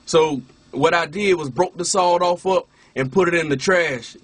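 A man with a husky, slightly high voice tells his personal testimony in a loose, casual way. He restarts phrases and keeps dropping "you know what I'm saying". The sound is dry and close. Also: normal speed, no room sound. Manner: restarts and repeats words while telling. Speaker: minister and former rapper.

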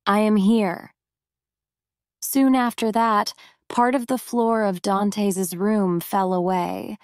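A woman narrating a story for English learners in a clear, deliberate way. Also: medium pitch, fairly even intonation, darkish tone, dry recording, studio quality.

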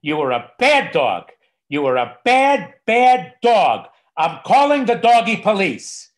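Man doing a loud older comic scolding a dog, pitched way up, mock-stern phone call bit. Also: sing-song, unhurried, full character voice. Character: older comedian scolding his dog, then role-playing a phone call.

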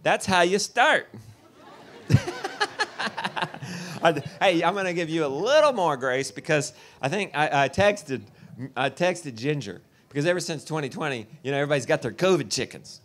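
A man's voice: fairly high pitch, expressive, moderate pace, fairly bright tone. Man, festival speaker, folksy and joking, works the crowd. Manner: joking, folksy storyteller who talks to the crowd. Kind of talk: live talk to an audience. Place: festival tent.

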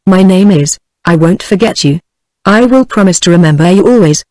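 A woman's voice: on the low side, normal speed, no echo, clean studio sound, natural voice. A British-accented text-to-speech woman's voice reading the lines of an earnest, solemn young man in love, with no change of voice. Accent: British English. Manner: flat synthetic delivery, no voice change.

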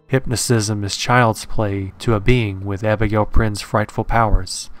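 A man voicing a grave male occult scholar who warns calmly and solemnly in a read-aloud horror story. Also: on the low side, close to an everyday voice. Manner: calm, solemn warning.

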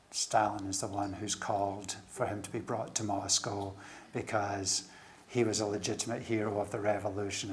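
A middle-aged guest lecturer with a lowish voice gives a public talk and fields questions, telling animated stories full of stammered restarts. There's slight background noise.

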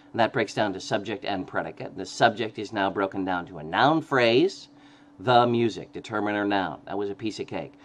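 Lower-voiced man giving a grammar lecture. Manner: explains step by step with frequent "okay?" checks and self-corrections. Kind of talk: recorded classroom lecture.

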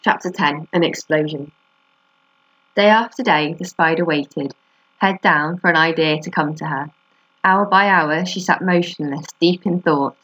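A woman teacher reads a children's chapter book aloud, steady and expressive. Her voice sits a little low for a woman and carries the story at an even read-aloud pace. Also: measured pace, slightly rough, low-quality recording.

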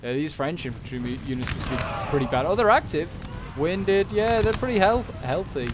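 A man's voice: on the high side, animated, moderate pace, background noise. A man giving casual, rambling commentary over a strategy game battle, full of fillers and self-corrections. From Britain. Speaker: gaming channel host.

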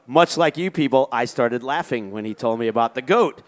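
A man's voice: medium pitch, lively intonation, moderate pace. A man, a musician, telling a profanity-laced spoken-word story to an audience with chuckles.

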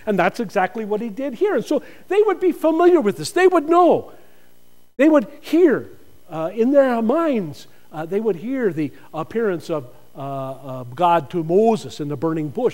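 High-voiced preaching man. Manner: earnest preaching, rising to forceful emphasis, with rhetorical questions. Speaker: pastor. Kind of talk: sermon.

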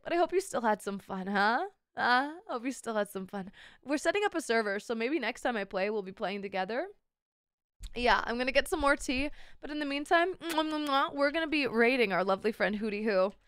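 A woman's voice: on the high side, animated, fairly quick, fairly bright tone, smooth, dry recording, studio quality. A young woman streaming a game while sick, playful and swearing a lot, calling her viewers darlings. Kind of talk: casual gaming stream chat.

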